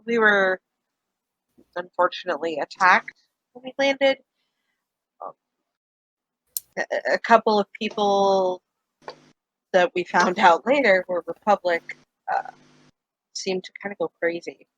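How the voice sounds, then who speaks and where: A woman's voice: medium pitch, slow pace, long pauses, a bit bright, no echo, dull audio. A woman voicing a confident young Jedi woman who speaks earnestly to reassure her companions. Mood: sober.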